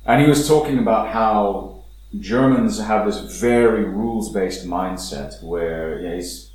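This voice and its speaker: Male commentator, low voice, emphatic scornful rant, boomy room with faint noise behind. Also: darkish tone, heavy reverb, poor audio. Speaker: political commentator. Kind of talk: opinionated monologue commentary.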